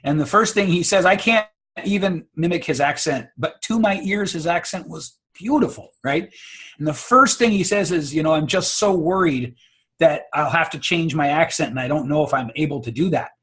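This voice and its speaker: Male speaking coach, emphatic, slightly higher voice, on a call. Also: normal speed, fairly bright tone. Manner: confident, emphatic, repeats words. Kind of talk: casual advice on a video call.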